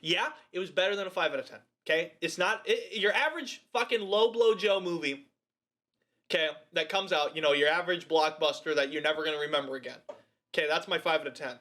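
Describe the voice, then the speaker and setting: A man with a high, bright, forceful voice talks through a movie review on a podcast. He swears freely, acts out scenes with laughs, and rants with animated energy. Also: fast talker. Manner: profane, animated, laughing storyteller. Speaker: podcast co-host. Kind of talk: casual movie review chat.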